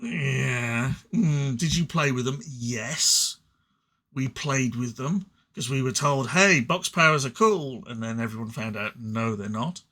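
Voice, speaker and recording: Slow and fairly bright, this medium-pitched male voice belongs to a man from England with an English accent. Alone on camera, he casually reviews card game cards, rambling self-deprecatingly and frequently restarting with a stutter.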